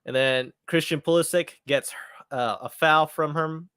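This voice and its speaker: Excitable man hosting a match watchalong. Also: a little high, unhurried, smooth, no room sound, clean studio sound. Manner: excitable, chatty, repeats phrases. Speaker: watchalong host. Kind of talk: live match commentary watchalong.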